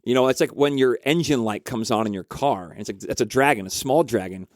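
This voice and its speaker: A man of ordinary mid pitch tells a story in a chatty, animated way, with frequent fillers. He sounds like someone who counsels couples. The recording is close and dry. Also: fairly quick, dry recording. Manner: animated, conversational, lots of fillers. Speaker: marriage counselor. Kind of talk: casual storytelling.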